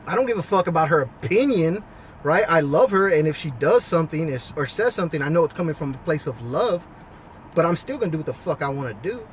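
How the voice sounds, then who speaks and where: A husband and father with a notably high voice gives life advice straight to camera in a casual monologue that is blunt, profane and preachy. He talks fast and expressively outdoors, with faint traffic humming behind him.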